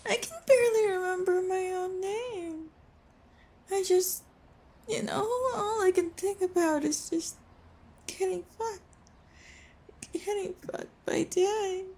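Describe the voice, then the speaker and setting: Very high, slow, tearful young woman. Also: a little mellow.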